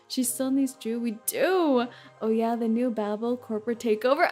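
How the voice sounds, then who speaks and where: A young woman VTuber, speaking at normal speed in a darkish voice on the high side, chats casually over gameplay. She laughs frequently as faint game music plays.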